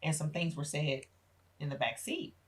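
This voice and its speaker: A woman's voice: low-pitched, moderate pace, husky. A middle-aged woman, a podcast guest, telling a painful personal story with emotion and acting out the voices of family members.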